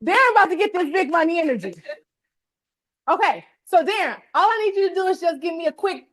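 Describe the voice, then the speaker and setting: An extremely high, animated, somewhat bright female voice delivers brisk, energetic motivational talk. Running a workshop, she rallies the live audience with call-and-response in a colloquial style that leans on "y'all."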